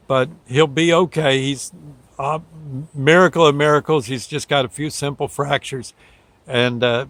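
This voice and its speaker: An older man spins a folksy, rambling story as a show host, chuckling often and quickly voicing the people in it. His voice sits at an ordinary middle pitch. The sound is dry and close, with no room around it. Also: gravelly, fairly bright tone, no echo. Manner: folksy, rambling, laughs often, acts out quotes. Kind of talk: casual storytelling.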